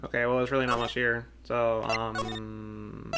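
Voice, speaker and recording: Low-voiced woman streaming a game. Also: level tone, measured pace, background noise. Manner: chatty, playful, trails off while thinking. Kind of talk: casual game let's-play commentary. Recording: game music playing behind.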